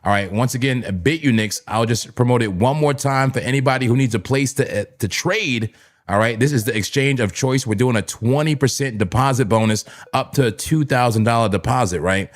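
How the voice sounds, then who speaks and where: A man's voice: medium pitch, a little fast. A man from New Jersey hosting a live crypto trading stream, talking in a hyped, repetitive, chatty way to his viewers. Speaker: livestream crypto trading host. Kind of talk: casual live-stream commentary.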